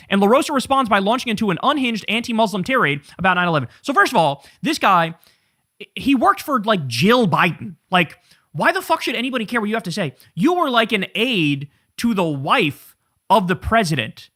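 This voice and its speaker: A man's voice: high-pitched, a bit bright, dry recording, clean studio sound. A man hosting a political commentary show, ranting in a fiery, profane and sarcastic way.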